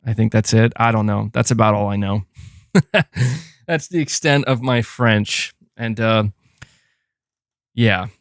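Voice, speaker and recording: A man hosting a casual gaming live stream, reading and answering super chats in a chatty, animated way with frequent fillers. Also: on the low side, slow pace, long pauses, clean tone, no room sound, studio quality. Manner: chatty and animated, thanks donors, frequent fillers and self-corrections. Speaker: gaming channel host.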